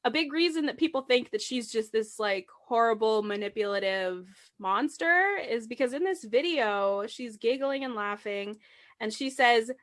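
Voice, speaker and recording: A woman hosts a casual true-crime podcast and tells the story in an animated way. Her voice sits a touch high and swings widely in pitch. She laughs easily between points. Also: normal speed. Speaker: podcast host.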